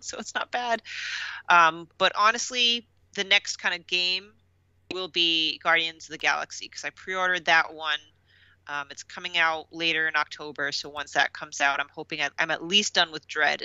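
A woman's voice: lowish voice, bright, forceful tone, smooth, no room sound. A woman co-hosting a gaming podcast, chatty and laughing as she talks. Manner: chatty, laughs while talking. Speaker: podcast co-host. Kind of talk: casual chat. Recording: slightly dull lo-fi audio.

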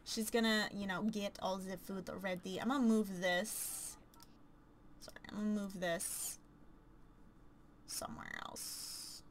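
A woman giving casual, chatty commentary while playing a life-simulation game, gushing and excitable. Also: mid-range voice, unhurried, slight background noise. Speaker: let's play commentator.

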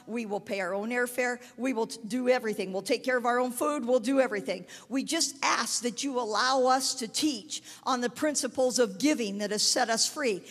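A woman preacher telling a testimony in a sermon, storytelling and rising to shouted proclamations. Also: a little high, big-room sound.

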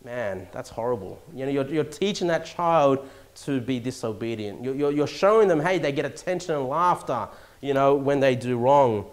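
An Australian pastor preaching a sermon in church, animated, swinging from loud emphasis to hushed asides and chuckling now and then. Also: male voice, mid-range voice, moderate pace.

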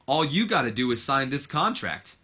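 A man's voice: mid-range voice, sing-song, normal speed, pushed and bright. A man voicing a brash young heir to a wrestling company, taunting his father in a smug promo.

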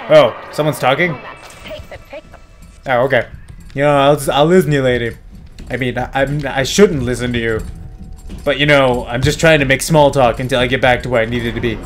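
A young man giving casual, rambling let's-play commentary from home, joking at his own expense and breaking into loud excited yells. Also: medium pitch, normal speed, soft background music. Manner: rambling, self-mocking, bursts into loud excited yelling. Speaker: gameplay commentator. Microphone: desk microphone at home.

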